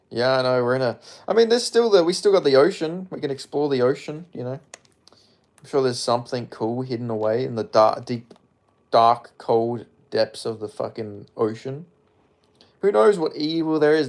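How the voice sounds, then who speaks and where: A man from Perth, Western Australia, with an Australian accent and a mid-range, slightly mellow voice, chats casually on a live stream. He rambles and jokes while reading chat, swearing freely and mumbling asides.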